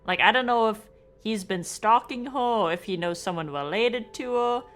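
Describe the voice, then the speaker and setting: A woman's voice: a little high, normal speed, fairly bright tone, soft background music. A woman streaming a game, chatting casually, swearing and joking about the story. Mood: musing. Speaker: VTuber streamer. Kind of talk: casual let's-play commentary.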